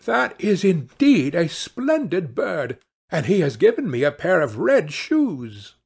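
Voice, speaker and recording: A man voicing a little girl in a fairy tale, soft and childlike. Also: on the high side, huge pitch swings, slow, vocal fry, slightly rough, heavily acted. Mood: hopeful. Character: little girl, sad then relieved.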